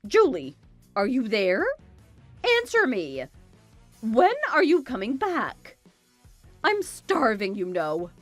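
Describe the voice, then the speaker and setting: A woman's voice: on the high side, huge pitch swings, slow pace, long pauses, no room sound, faint music behind, heavily acted. Domineering mother-in-law, nasty and scolding, voice swinging way up and down, dry close sound, woman acting it. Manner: scolding, contemptuous, bossy. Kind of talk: dramatized story voice acting.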